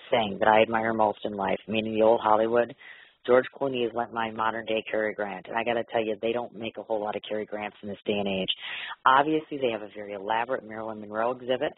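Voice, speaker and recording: Gushing radio host, fast and husky. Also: male voice, mid-range voice, no echo. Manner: gushing, effusive, filler-heavy. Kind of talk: excitable radio interview chat. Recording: lo-fi phone-like radio audio.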